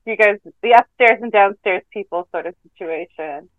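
A woman's voice: medium pitch, moderate pace, few pauses, no echo. A woman from Canada, a reality show contestant, chatting casually in a podcast interview, rambling and laughing often. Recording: dull lo-fi call audio.

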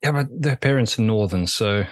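A man's voice: lowish voice, animated, normal speed, dry recording. A man co-hosting a podcast in casual chat, hesitant and often repeating words. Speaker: podcast co-host.

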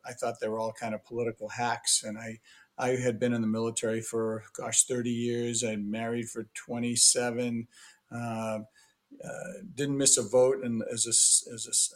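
Older man telling stories. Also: medium pitch. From Massachusetts, USA. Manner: rambling, anecdotal, frequent restarts. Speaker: podcast guest, former senator and ambassador. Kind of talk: casual storytelling interview.

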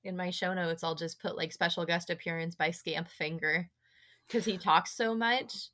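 A woman's voice: fairly low pitch, fairly even intonation, moderate pace, sharp tone. A young adult woman hosting a podcast from home, chatting casually and putting on playful voices for her dogs. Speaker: podcast host. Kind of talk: casual chat. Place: home, remote recording.

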